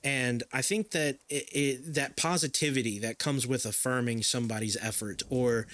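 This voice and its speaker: A young adult man hosting a casual podcast chat, telling stories in an animated, rambling way. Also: medium pitch, moderate pace, no room sound. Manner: animated storyteller, talks in long rambling runs.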